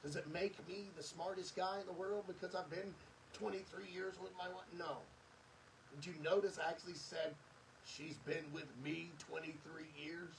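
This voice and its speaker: A man's voice: high-pitched, fairly even intonation, normal speed, distant mic, a little hiss or hum, low-quality recording. A middle-aged man hosting a podcast, giving an earnest, preachy motivational monologue with lots of emphatic repetition. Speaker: podcast host.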